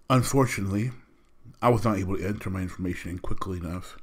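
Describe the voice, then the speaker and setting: A young man hosts his own podcast in a loose, slangy, animated way. His voice sits low and relaxed as he vents about his gripes. The delivery is casual and talkative. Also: quick pace. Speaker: podcast host.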